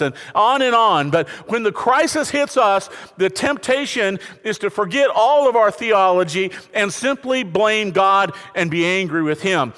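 A man preaching a sermon with a notably high, animated voice that swoops from hushed lows to emphatic highs. His words ring out in a large hall with a long reverb tail behind them. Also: smooth. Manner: preaching with lively rises and falls, addressing the congregation. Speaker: pastor.

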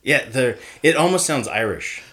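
A man's voice: mid-range voice, lively intonation, moderate pace, fairly bright tone. A man co-hosting a podcast in casual chat, playful and jokey, rambling a little. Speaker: podcast co-host.

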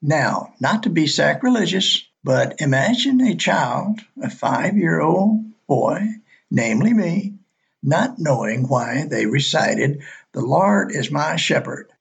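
An older man from Alabama with a slight Southern accent, slowly reading his own memories in a folksy storytelling way. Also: fairly high pitch, animated, vocal fry, husky. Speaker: listener sharing memories.

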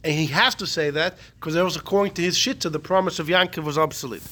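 Animated high-voiced man lecturing. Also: fast talker. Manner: animated, repeats key points, answers student interruptions. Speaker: Torah class teacher. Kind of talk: Talmudic lecture.

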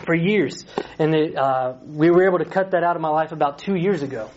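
Man preaching casually, playful and chatty, fairly high voice, dull recording. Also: brisk, a little mellow. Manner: chatty, playful, questions the group. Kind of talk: casual sermon retelling a Bible story. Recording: slightly dull recording with faint hiss.

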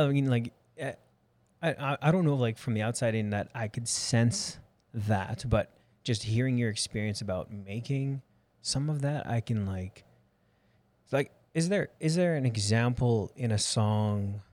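A man's voice: medium pitch, unhurried, a little mellow, dry recording. A man hosting a casual interview, easygoing and rambling, his talk full of little fillers. The recording is close and dry, with no room sound.

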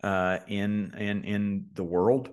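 Laid-back man with a low voice. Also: flat delivery, slow pace, clean tone. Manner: laid-back storyteller, many fillers and restarts. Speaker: podcast co-host. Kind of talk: casual podcast chat.

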